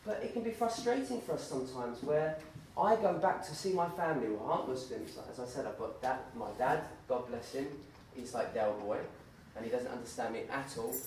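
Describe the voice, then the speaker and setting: A man giving an informal, animated talk full of anecdotes and fillers, in a university lecture room. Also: mid-range voice, a little fast, a little hiss or hum. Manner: animated, acts out voices in the stories, many fillers. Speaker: guest speaker at a campus talk. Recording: very echoey room, distant mic.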